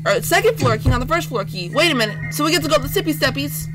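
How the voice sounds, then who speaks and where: Goofy, jumpy woman gaming over loud music. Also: high-pitched, fast talker, rough recording. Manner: goofy and playful, baby-talk words; excitable, jumpy when scared. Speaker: gaming YouTuber. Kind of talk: horror game let's play commentary. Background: loud eerie game music.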